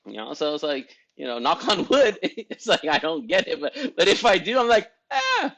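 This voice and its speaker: A man's voice: sing-song, moderate pace, vocal fry, a bit bright. A man hosting a group for estheticians, giving a casual motivational talk that rambles, with frequent restarts and self-deprecating laughs. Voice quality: voice he calls high-pitched.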